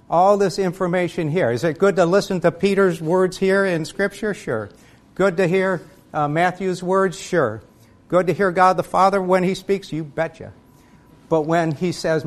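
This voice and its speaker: A man's voice: fairly high pitch, a little slow. A man preaching a sermon, reading scripture aloud and putting questions to his listeners. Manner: reads scripture aloud in King James wording, then asks the listeners questions.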